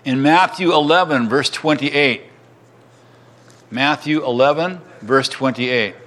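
A man's voice: medium pitch, slow pace, a bit bright. A man preaching a sermon, reading scripture aloud and retelling it in casual everyday words.

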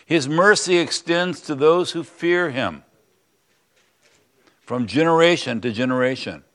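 Earnest male preacher, slightly high voice. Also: unhurried, a bit bright. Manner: earnest, emphatic, conversational asides. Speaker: pastor. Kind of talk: sermon, reading scripture with commentary.

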